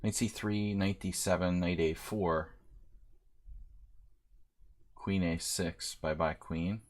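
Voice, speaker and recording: Male chess streamer, low register; mutters variations to himself in a casual, wry running commentary. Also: steady tone, takes it slowly. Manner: muttering move calculations aloud. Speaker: chess streamer playing a simul.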